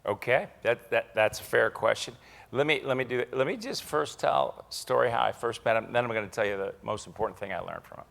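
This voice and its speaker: A man's voice: medium pitch, a little fast, vocal fry. A man from Ohio, a company CEO, telling stories as the guest of an on-stage keynote interview. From Ohio, USA. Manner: animated storyteller.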